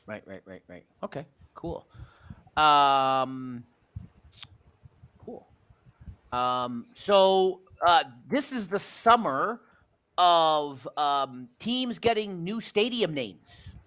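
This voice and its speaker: A man's voice: on the high side, expressive, extremely slow, long pauses, a bit bright. A Canadian man hosting a sports podcast, telling stories in a rambling way with many fillers and restarts. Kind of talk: casual sports chat.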